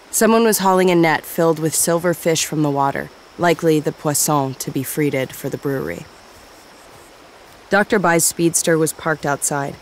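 A narrator reading a story aloud in a steady, even storytelling manner. The voice sits at a middle pitch throughout. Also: slight background noise. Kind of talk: audiobook narration.

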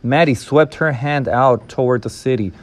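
A man reading a novel aloud in a steady, measured storytelling manner. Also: mid-range voice. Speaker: reader.

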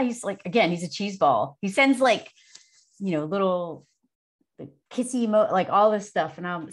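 A woman in her forties, a guest speaking frankly and casually, swearing freely and laughing easily. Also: lowish voice. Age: 40s. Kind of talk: candid casual chat.

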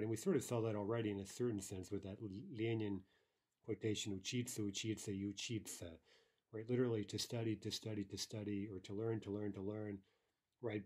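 A man's voice: fairly low pitch, warm tone, slightly rough. A man teaching a language lesson, patiently explaining grammar and repeating each example aloud.

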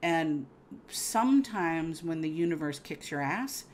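A woman, speaking in a low, deep register. She tells her story with a candid, emphatic style, swears casually and often laughs. A faint background noise sits under her voice. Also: expressive, unhurried. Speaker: interview guest.

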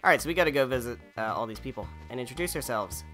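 A man's voice: medium pitch, animated, racing, fairly bright tone, faint music behind. Jokey man narrating a video game. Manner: jokey, rambling, self-deprecating. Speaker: gaming channel host. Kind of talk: let's play commentary.

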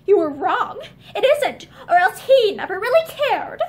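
A woman's voice: extremely high pitch, very animated, unhurried, pitched above the performer's own voice, exaggerated voice. A woman reading aloud voices a distraught young woman full of remorse, pleading and close to sobbing. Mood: remorseful. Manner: emotional, pleading, breaking into sobs.

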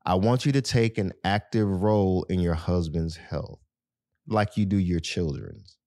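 A man's voice: low-pitched, unhurried, a little mellow, no room sound, studio quality. A man hosting a podcast, talking casually and earnestly to his listeners with lots of "you know". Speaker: podcast host. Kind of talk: casual advice talk to listeners.

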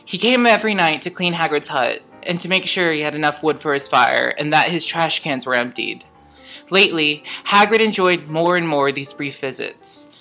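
A woman's voice: deep voice, sharp tone. A young woman reading fan fiction aloud and chatting casually to her viewers. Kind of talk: casual vlog reading and chat.

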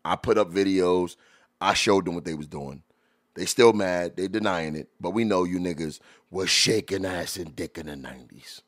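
A man hosting a podcast, reacting to old rap videos in loose, animated talk full of drawn-out exclamations. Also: sits low. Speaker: podcast host. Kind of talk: casual commentary reacting to music videos.

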